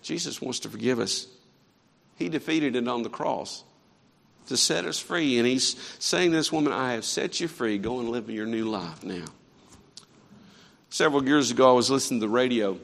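A man preaching a sermon in a church, swinging between quiet earnest stretches and fervent raised passages. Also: medium pitch, moderate pace, gravelly, in a large hall. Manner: impassioned preaching with rising and falling intensity. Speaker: pastor. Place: church sanctuary.

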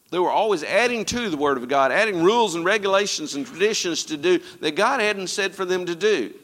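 A man preaching a sermon as pastor, swinging between loud emphatic lines and quiet, low asides. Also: long reverb tail. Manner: preaching with sweeping rises and drops in pitch and loudness.

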